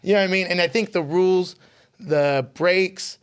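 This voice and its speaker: A man co-hosting a podcast, an excitable storyteller who laughs often and swears casually. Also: sits high, moderate pace, smooth. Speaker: podcast co-host.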